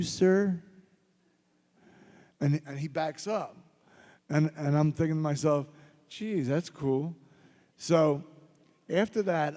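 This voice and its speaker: With a warm, mid-range voice, a Philadelphia man serves as a guest at a convention panel Q&A, spinning rambling anecdotes full of jokes. The sound carries the reverb of a large convention hall.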